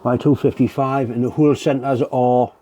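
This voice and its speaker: A man chatting casually to his viewers from a home workshop, candid and unhurried in the way he puts things. His voice sits at a middling pitch with a mellow, relaxed tone. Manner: candid, plain-spoken, unhurried. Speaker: workshop vlogger. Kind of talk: casual chat to camera.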